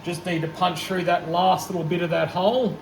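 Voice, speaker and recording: The Australian home machinist here has a high, creaky voice, fairly even intonation, and a fairly quick pace. He talks casually through his work with self-deprecating jokes, recorded in an echoey workshop with loud machinery running.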